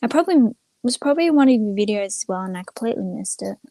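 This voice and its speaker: A woman's voice: mid-range voice, expressive, fast, mellow, no echo. A young woman chatting casually on a livestream, rambling and retelling stories with lots of "I'm like.". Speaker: streamer.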